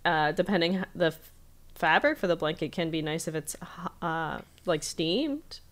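A woman co-hosts a laid-back recap chat, her voice on the low side. She mostly adds brief, easygoing interjections. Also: normal speed, fairly bright tone. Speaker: podcast co-host.

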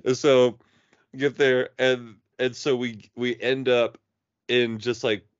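A man telling a story on a podcast in casual chat, animated and swearing, acting out the people in his stories. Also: mid-range voice, clean tone, no echo. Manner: animated, swearing, quick to play characters. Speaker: podcast co-host. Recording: dry, dull lo-fi audio.

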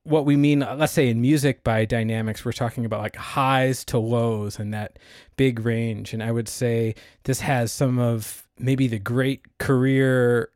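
A man's voice: mid-range voice, fairly even intonation, measured pace, darkish tone, no echo, studio quality. A man co-hosting a podcast, chatting enthusiastically about a film, with plenty of "um" and "uh" as he thinks aloud. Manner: enthusiastic, hedging with fillers. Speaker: podcast co-host. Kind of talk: casual film discussion.

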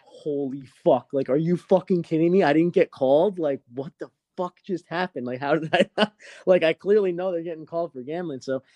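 A man's voice: on the high side, brisk, no echo. A young man hosting a podcast, telling a story in casual chat, swearing a lot. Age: young adult. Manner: profane, animated storytelling. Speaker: podcast host.

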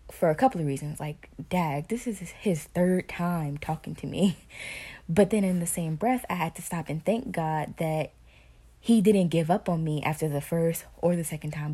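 A woman hosting a podcast, telling a personal faith story to her listeners in an animated way with hushed asides. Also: fairly low pitch, husky. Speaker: podcast host sharing motherhood stories.

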